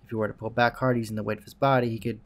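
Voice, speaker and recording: Male let's play host, gravelly voice, dry wry read of game narration. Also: lowish voice, flat delivery, very fast. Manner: dry, wry reading with asides. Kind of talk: reading a visual novel's narration aloud.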